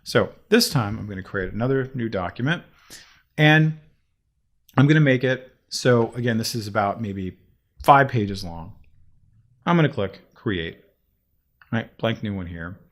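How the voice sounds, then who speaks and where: A man teaching software in a chatty, animated way, talking himself through each step of a screen-recorded tutorial. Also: fairly low pitch, a little slow, pauses often.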